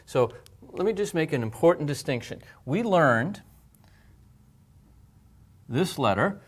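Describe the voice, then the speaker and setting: Speaking slowly in a slightly high, animated voice with a breathy edge, a male language teacher patiently teaches letter shapes. He covers pronunciation and handwriting step by step, sounding out examples.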